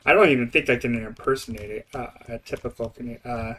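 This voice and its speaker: A young man with an Eastern Canadian accent rambles and chats while streaming a building game, laughing often. His medium-pitched voice is fast, pushed, and bright as he gives casual gameplay commentary.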